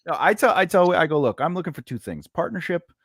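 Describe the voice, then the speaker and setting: A man's voice: a little high, fast talker, breathy edge, no room sound, clean studio sound. A man, a comedian and actor, chatting casually and acting out both sides of household arguments. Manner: animated storyteller, acts out both sides of arguments. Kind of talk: casual chat.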